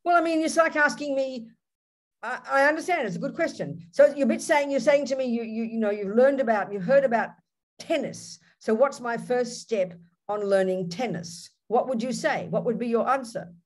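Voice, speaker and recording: A woman with an Australian accent, a Buddhist nun teaching and answering questions on a video call in a direct, animated way. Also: a little high, moderate pace. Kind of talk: dharma teaching with Q&A.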